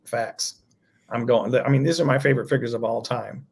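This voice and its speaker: A man's voice: medium pitch, fairly even intonation, brisk, creaky, darkish tone, slightly rough. A man talking casually about his own toy project as a guest, thinking aloud with loose restarts. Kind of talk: casual interview chat.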